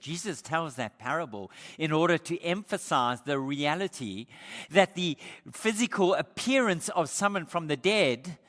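A male pastor preaching an emphatic sermon, slowing down to stress key points. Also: high-pitched, fairly bright tone. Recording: echoey hall.

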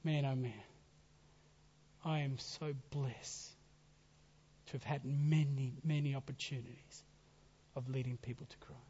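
A man preaching a sermon, swinging between forceful emphasis and hushed, whispered phrase endings. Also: medium pitch, flat delivery, measured pace, pauses often, a little hiss or hum. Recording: dull sound in a reverberant hall.

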